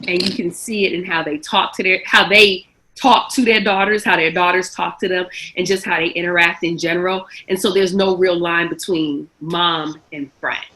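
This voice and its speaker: A woman in her forties talks in a casual panel chat with a very bright voice. She speaks in a conversational, reflective way. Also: lowish voice, steady tone, moderate pace, poor audio.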